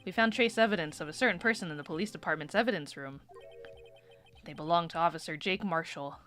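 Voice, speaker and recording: A woman's voice: on the low side, fairly bright tone, faint music behind, natural voice. A woman doing a cool, formal older sister. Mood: composed. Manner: measured, formal.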